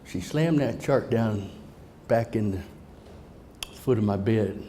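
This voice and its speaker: A man's voice: fairly low pitch, slow pace, mellow. A middle-aged man telling a humorous personal story to a live audience, folksy and joking, talking straight to the crowd. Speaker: motivational speaker. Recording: roomy hall reverb, faint noise.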